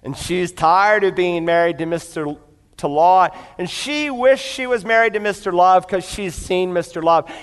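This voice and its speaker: A male pastor gives a storytelling sermon to a congregation, often addressing them directly. His voice sits high and rings clear and smooth. It carries the long reverb of a large church hall. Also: moderate pace. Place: church before a live congregation.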